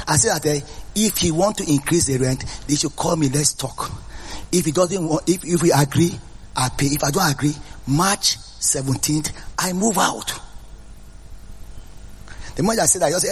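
A pastor preaching a sermon in an emphatic style that repeats key points and mixes in stories. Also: male voice, a little high, moderate pace, a little hiss or hum. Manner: emphatic, repetitive preaching with storytelling.

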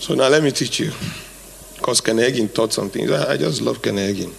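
A male pastor preaches a sermon recorded live in a hall, emphatic and repetitive, repeating phrases and getting the congregation to fill in words. His mid-range voice is brisk and gravelly, with a little hiss or hum in the background.

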